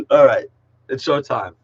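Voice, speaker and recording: A middle school English teacher runs an online class in a casual, jokey style, using slang, saying "yo" constantly and calling on students by name. His medium-pitched, slightly rough voice swoops wildly in pitch as he takes things slowly. The recording is muffled.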